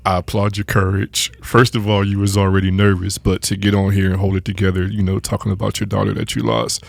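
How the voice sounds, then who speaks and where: A man hosts a podcast conversation in a lowish voice, reflective and unhurried. He leans on fillers as he gathers his thoughts. The sound is dry and close. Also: monotone, creaky, no room sound. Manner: soft-spoken, reflective, filler-heavy. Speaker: podcast host. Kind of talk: interview conversation.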